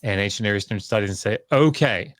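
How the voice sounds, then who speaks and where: Male guest scholar, low voice, candid and self-deprecating, dry sound. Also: no echo. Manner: candid, self-deprecating, talks in quick bursts. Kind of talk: casual podcast conversation.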